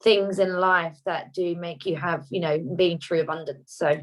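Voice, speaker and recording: A woman's voice: fairly low pitch, fairly even intonation, normal speed, poor audio. A woman on a video call sharing a heartfelt personal story in a rambling, self-correcting way.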